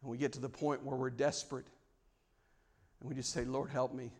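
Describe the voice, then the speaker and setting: A man preaching a sermon, swinging between loud, mock-formal prayers and quiet, reflective stretches. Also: mid-range voice, level tone, brisk. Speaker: pastor.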